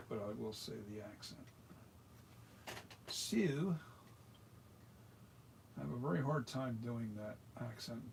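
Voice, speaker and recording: In a noisy workshop, an American man with a gravelly, medium-pitched voice shows how to make masks. His hands-on tutorial is casual and rambling, full of restarts.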